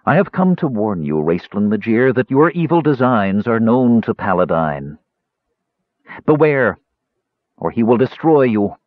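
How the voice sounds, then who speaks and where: A man voicing a proud woman cleric who speaks crisply, coldly and formally. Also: fairly low pitch, sing-song, unhurried, no room sound. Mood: stern warning. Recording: dry, slightly dull recording.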